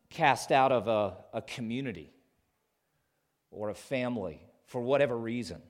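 A male pastor preaching a sermon to his congregation, earnest, with loud emphatic peaks and soft quiet drops. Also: medium pitch, normal speed.

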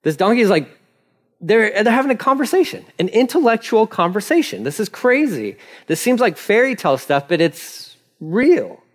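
A male pastor giving an animated, conversational sermon with frequent laughter. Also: sits high, moderate pace. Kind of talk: casual sermon.

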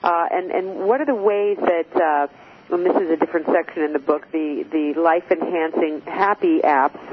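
A male host interviewing a guest, upbeat and encouraging, steering with quick affirmations. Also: fairly high pitch. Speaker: show host. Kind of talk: radio interview hosting. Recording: phone-like line with faint hiss.

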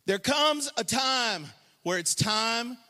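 Man preaching with a high, lively voice. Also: takes it slowly, big-room sound. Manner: passionate preaching, swings from quiet asides to shouted, sung-out lines; colloquial, joking asides to the congregation. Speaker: pastor. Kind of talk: sermon. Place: church sanctuary.

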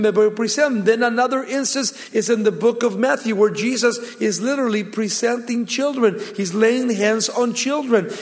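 A man's voice: very high voice, in a large hall. A man preaching a sermon as a pastor, telling a Bible story with dramatic drops in his voice.

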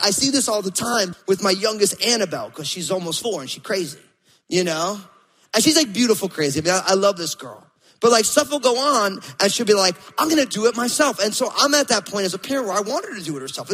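Guy pastor preaching, high bright voice, acts out little stories, echoey church hall. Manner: animated storytelling, acts out quotes. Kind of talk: sermon.

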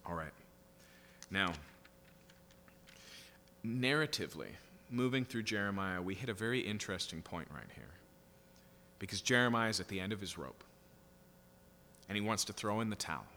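A man's voice: fairly low pitch, lively intonation, moderate pace, pauses often, bright, forceful tone, in a large hall, slight background noise. A man preaching a sermon, reading scripture aloud and explaining it in a conversational way with frequent "right?" asides. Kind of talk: sermon, Bible teaching.

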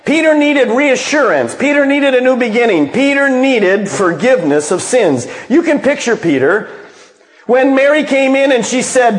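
Animated high-voiced male preacher in echoey hall. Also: a little slow. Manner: dramatic storyteller, acts out quotes. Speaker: pastor. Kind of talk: sermon. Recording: long reverb of a large hall.

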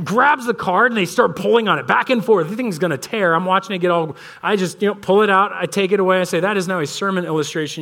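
A man's voice: high voice, gravelly. A pastor in his thirties giving a sermon in a church, telling stories about his kids in a loose, conversational way. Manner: conversational storytelling, animated voices for his kids. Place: church sanctuary.

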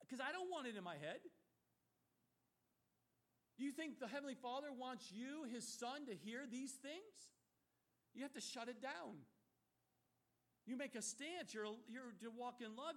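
A middle-aged male pastor delivers a sermon in a notably high voice. He preaches emphatically, rising to loud rhetorical questions and dropping to hushed, earnest warnings. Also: lively intonation, moderate pace, long pauses.

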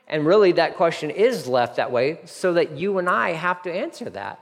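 Male pastor, conversational sermon, high pitch, reverberant church. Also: normal speed. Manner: animated, conversational preaching. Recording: long hall reverb.

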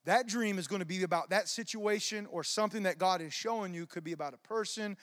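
A man preaching in a church with a notably high voice. He tells his story in a lively, casual way, dropping "man" and "y'all" as he goes. The sound is dry and close. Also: quick pace, dry recording. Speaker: preacher teaching on dreams. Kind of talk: informal church teaching and testimony.

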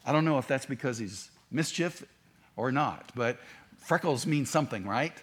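A man's voice: medium pitch, animated, moderate pace, fairly bright tone, slight background noise. A man preaching a sermon, talking in a conversational way with asides and restarts. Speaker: pastor.

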